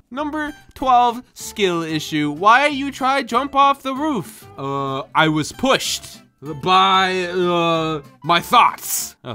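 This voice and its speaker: A man's voice: very high-pitched, bright, forceful tone. A man giving jokey, casual commentary while playing a video game and reading its text aloud. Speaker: gaming YouTuber.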